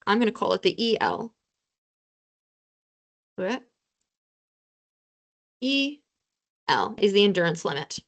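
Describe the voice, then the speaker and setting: Over a video call, a young adult student tutor walks through formulas in an online review lesson, casual and quick to joke at her own expense. Her medium-pitched voice is fairly bright and fairly quick, with big swings in pitch.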